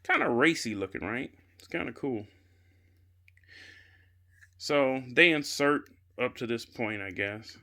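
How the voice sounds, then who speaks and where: A man's voice: medium pitch, expressive, takes it slowly, pauses often, sharp tone. A man from Chicago casually reviewing a gaming chair as he assembles it at home, chatty and rambling, with lots of "I guess" and "you know", recorded on a handheld camera mic. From Chicago area. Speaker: product reviewer. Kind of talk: casual unscripted product review.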